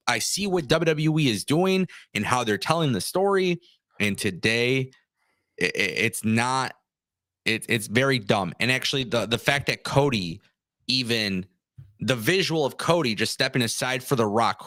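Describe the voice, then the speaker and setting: A man's voice: mid-range voice, bright, forceful tone, no echo. A man co-hosts a livestream, sounding frustrated and fired up. He often trips over his words and restarts mid-sentence. His voice sits in a middle range and sounds close and dry. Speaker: co-host. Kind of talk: livestream wrestling talk.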